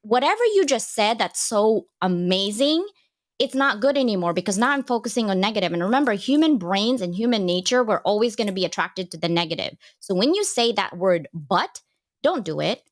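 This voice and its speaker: Woman guest on a live panel, emphatic and animated, pokes fun at herself. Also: mid-range voice, a little fast. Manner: animated, emphatic, self-deprecating. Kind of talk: casual live panel chat.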